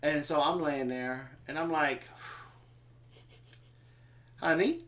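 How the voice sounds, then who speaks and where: A man telling a funny story in a casual livestream chat, animated and self-mocking. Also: fairly high pitch, moderate pace. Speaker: homestead livestream co-host.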